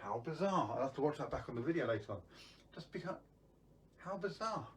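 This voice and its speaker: A man's voice: fairly high pitch, big pitch swings, brisk, recorded from a distance, a little hiss or hum. A man hosting a live magic stream, chatting casually to viewers with lots of ums and restarts.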